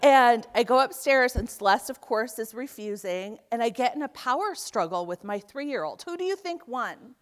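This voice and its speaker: Middle-aged woman doing a keynote talk on stage, kinda high voice, animated storytelling, acts out the people in her stories. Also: moderate pace. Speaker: keynote speaker. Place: conference hall.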